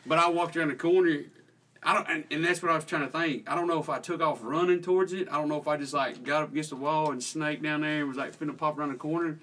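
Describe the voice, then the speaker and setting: Man in his twenties, guest storyteller; folksy, self-deprecating delivery in a higher register, recorded from a distance. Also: fairly even intonation, fast talker, a bit bright. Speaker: teacher guest. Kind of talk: casual storytelling.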